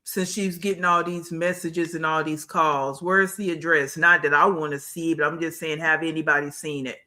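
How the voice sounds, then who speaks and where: A woman's voice: deep voice, little pitch movement, moderate pace, pushed and bright. Give me a blunt woman commentator on a livestream, scolding and chatting with viewers. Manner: blunt, scolding, repeats phrases for emphasis; greets and talks to live chat.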